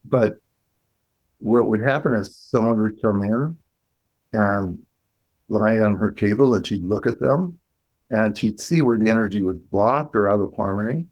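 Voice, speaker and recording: A man, a clinical psychologist, telling a story as a guest in an interview, measured and reflective, pausing and restarting as he thinks. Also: fairly low pitch, a little mellow, low-quality recording.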